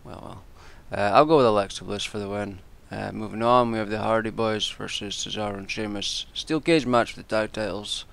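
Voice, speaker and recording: A man with a gravelly, creaky voice rants in a loose, unscripted way. He sounds exasperated and swears freely, restarting his sentences as he goes. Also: on the low side, fairly even intonation, fairly quick, few pauses, a bit bright. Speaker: wrestling commentator and vlogger. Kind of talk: casual ranting predictions.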